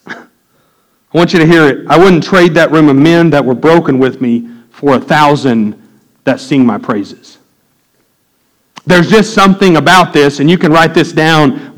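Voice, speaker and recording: A man's voice: fairly high pitch, rough recording. A middle-aged man preaching a sermon, telling a candid personal story that builds to impassioned preaching. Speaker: pastor.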